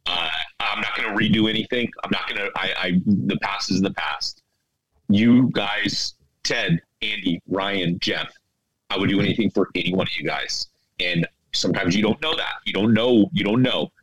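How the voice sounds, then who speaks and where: A man speaking to his old teammates, tearful, halting and repeating himself as he pours out heartfelt thanks and apology. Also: sits low, steady tone, dull audio, a crowd in the background. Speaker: former teammate, guest. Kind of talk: emotional heartfelt confession.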